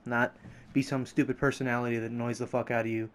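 A man's voice: mid-range voice, flat delivery, fast talker. A man casually commenting on a video game he is playing, loose and profane, joking at the screen. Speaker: let's play gamer. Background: game music and sound.

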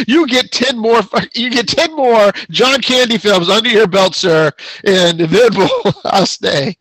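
A man's voice: high-pitched, takes it slowly, a bit bright, no echo. A man co-hosting a show, chatting casually, rambling and laughing often. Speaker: podcast co-host. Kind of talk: casual chat.

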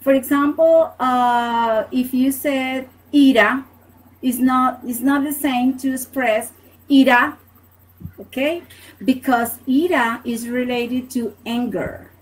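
Slow, patient woman teacher. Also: high voice, fairly even intonation, rough recording. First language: Spanish. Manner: slow and patient, many fillers and checking "okay?". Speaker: Spanish teacher. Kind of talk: live online language lesson.

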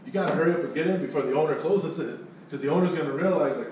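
A man's voice: a little high, racing, few pauses. A man telling a sales story and coaching others, cursing freely and acting out the people in it. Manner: profane, animated storyteller who acts out voices. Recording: echoey room, distant mic, faint noise.

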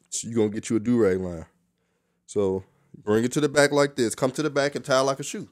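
A man's voice: medium pitch, fairly quick, darkish tone, dry recording, studio quality. A young man giving a casual, joking hair tutorial, cursing freely and talking in loose street slang. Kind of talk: casual how-to demonstration.

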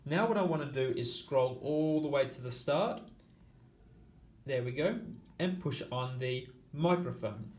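A man's voice: medium pitch, expressive, unhurried, reverberant. A man teaching an app tutorial, explaining each step in order and counting aloud as he goes. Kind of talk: screen-recorded tutorial walkthrough.

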